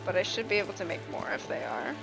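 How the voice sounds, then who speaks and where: A woman's voice: mid-range voice, sing-song, fast talker, vocal fry, over music. A woman streaming a game, chatting casually in rambling anecdotes, laughing often and filling her talk with "like". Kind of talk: casual chat while gaming.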